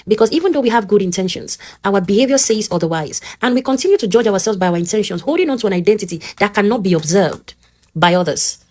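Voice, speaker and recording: A woman with a Nigerian English accent teaches in an earnest, direct way. She speaks at a middling pitch for a woman and keeps checking in with the listener. It is a motivational lesson delivered straight to the listener. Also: darkish tone.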